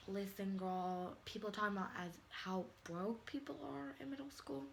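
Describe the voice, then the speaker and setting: A woman's voice: mid-range voice, moderate pace, vocal fry, hardly any pauses, slight background noise, rough recording. A teenage girl ranting to a phone camera in a vlog, sassy and exasperated, calling people "honey.". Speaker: vlogger. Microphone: phone or webcam.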